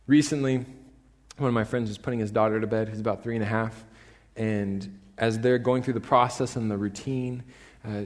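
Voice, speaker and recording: A male pastor preaching a sermon in a church, telling stories with animated emphasis. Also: fairly low pitch, moderate pace. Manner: animated storytelling, rising to emphatic peaks. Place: church sanctuary. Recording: long reverb in a church hall.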